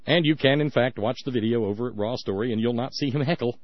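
A man's voice: mid-range voice, quick pace, dry recording, lo-fi sound. A man hosting a political call-in radio show, ranting in a sarcastic, mocking way. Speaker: radio talk show host.

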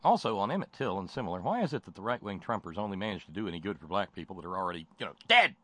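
A man's voice: low voice, animated, rapid-fire, no echo. A man hosting a political call-in radio show, talking casually with sarcasm and frequent stammering restarts. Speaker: radio talk show host.

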